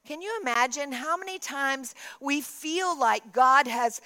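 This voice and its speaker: A woman pastor preaching a sermon, shifting between emphatic declarations and quiet storytelling. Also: high-pitched, a little slow, hardly any pauses.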